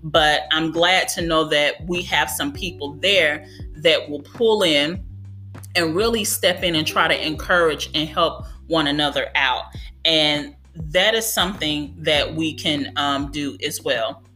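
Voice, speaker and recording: A woman's voice: sits low, measured pace, sharp tone, soft background music. A woman hosting a podcast for childcare educators, talking in an earnest, encouraging way and often saying "you know.". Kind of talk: conversational advice monologue.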